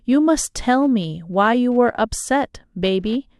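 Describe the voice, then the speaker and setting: A woman's voice: on the high side, expressive, darkish tone, dry recording, clean studio sound. A woman voicing a lingering, seductive lady. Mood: coaxing. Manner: slow, lingering, playfully seductive. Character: alluring, teasing foreign lady, mature.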